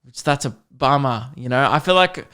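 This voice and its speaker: A man's voice: mid-range voice, animated, moderate pace, pushed and bright, smooth. A young man, a comedian hosting his podcast, telling a funny story and acting out both sides of the chat. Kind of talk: storytelling monologue.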